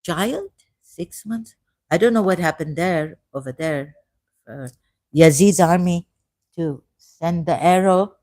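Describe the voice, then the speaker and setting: A woman from Pakistan talks in a rambling monologue, her voice mellow and warm. She drifts between quiet asides and sudden emphatic bursts, repeating phrases, recorded dry and close with no room sound. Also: fairly low pitch, takes it slowly, no echo. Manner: digressive, repeats phrases, shifts from soft asides to emphatic raised outbursts. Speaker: ex-Muslim speaker sharing his views.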